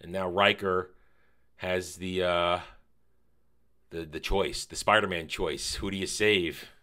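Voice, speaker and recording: A man giving a casual, animated review of a TV episode, repeating phrases for emphasis and swearing now and then. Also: low-pitched, slow pace. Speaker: TV series reviewer.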